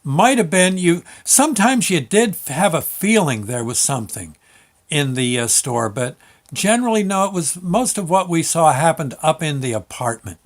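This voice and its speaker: An older man telling a personal memory in a casual, halting way, with many restarts and an amused tone. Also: on the high side, very animated. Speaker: storyteller recalling a memory. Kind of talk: casual spoken recollection.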